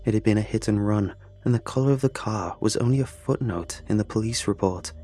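A man's voice: on the low side, brisk, dark tone, faint music behind. A man narrating a first-person horror story in a tense, confessional way.

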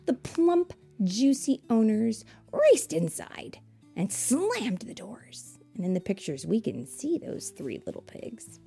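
A woman reading a picture book aloud to children, pausing to ask them questions and explain things. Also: on the high side, sing-song, breathy edge, soft background music. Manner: asks listeners questions, warm explanatory asides.

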